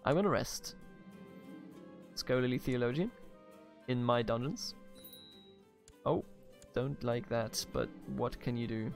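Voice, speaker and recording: A man's voice: mid-range voice, slow pace, gravelly, pauses often, soft background music. A man giving casual, playful gameplay commentary as a let's play host, reading event text aloud and swearing casually.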